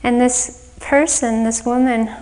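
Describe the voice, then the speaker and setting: A woman meditation teacher giving a dharma talk on retreat, slow, gentle and reflective, often laughing at her own stories. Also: fairly high pitch, steady tone, low-quality recording. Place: retreat center meditation hall.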